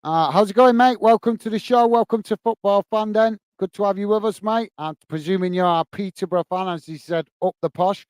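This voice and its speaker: A man hosts a live football watch-along, calling the play as it unfolds and greeting viewers between moves. His voice sits a touch high and sounds smooth and clear. The room is dry and close, with little echo. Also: fairly quick, few pauses, a little mellow. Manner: chatty, greets viewers by name, many fillers. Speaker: host of a fan live stream. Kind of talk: live football commentary and chat reading.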